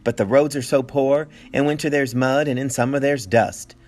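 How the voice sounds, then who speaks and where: A man's voice: medium pitch, fairly even intonation, moderate pace, a little mellow, natural voice. A man voicing a spirited young pioneer girl in a storybook reading. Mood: earnest.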